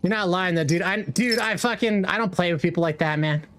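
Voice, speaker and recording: A man's voice: high voice, a little fast, fairly bright tone, a little hiss or hum. A young man streaming a game, chatting casually in a rambling, slangy way with lots of swearing. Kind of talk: casual chat while gaming.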